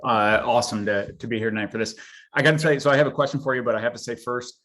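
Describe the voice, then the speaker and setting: A man from Michigan speaking at a middling pitch, friendly and chatty. He teases the guest a little before asking his question on a live show. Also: steady tone, very fast, a bit bright. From Michigan, USA. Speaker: audience member asking a question. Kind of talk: casual chat.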